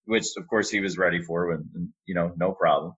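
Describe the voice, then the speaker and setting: Deep-voiced man telling a story. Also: fairly quick, slightly rough, muffled recording. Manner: relaxed anecdotal storytelling with fillers. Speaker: arena announcer and sports media relations staffer. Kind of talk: storytelling in a casual interview.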